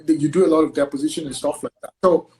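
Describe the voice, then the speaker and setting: A man's voice: fairly high pitch, rapid-fire, rough recording. Male guest attorney from Nigeria, casual interview chat, filler-heavy "like" delivery. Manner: chatty, heavy use of "like" as filler; acts out quoted exchanges in lively voices.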